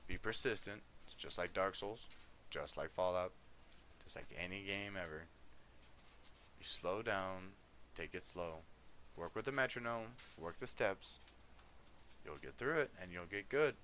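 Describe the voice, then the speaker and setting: A man's voice: deep voice, unhurried, pauses often, pushed and bright, slight background noise. A male livestreamer chatting casually, easygoing, coaxing and scolding his dog between music talk.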